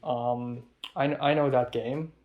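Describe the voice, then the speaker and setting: A man's voice: mid-range voice, steady tone, slow pace, dull audio, slight background noise. A young man from Hong Kong, a film student, talks in a rambling, profane diary vlog, full of ums and restarts. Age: young adult. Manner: rambling, profane, with many fillers.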